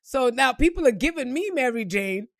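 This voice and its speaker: A woman's voice: high voice, animated, normal speed, creaky, no room sound, studio quality. A woman telling a personal story in casual, profane vlog style, acting out the quotes and laughing along.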